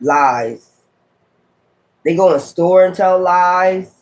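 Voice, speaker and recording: Animated man musing through a tarot reading. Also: high-pitched, drawn-out words. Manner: musing aloud, exclamatory asides. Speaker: tarot reader.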